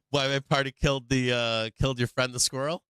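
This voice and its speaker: A man's voice: mid-range voice, steady tone, moderate pace, a bit bright, clean tone, dry recording. A man hosting a livestream, chatting casually in a rambling, profane way and answering his chat. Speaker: livestream host.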